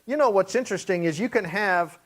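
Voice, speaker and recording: A man, a pastor, teaching a Bible study, reading scripture slowly and explaining it in plain, everyday talk. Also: high voice, fairly bright tone. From Hawaii.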